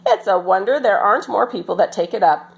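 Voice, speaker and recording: A woman voicing a bold, cheerful, strong little girl in a storybook reading, with a bright, playful, exclaiming manner. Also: medium pitch, fast talker, gravelly, lo-fi sound, natural voice.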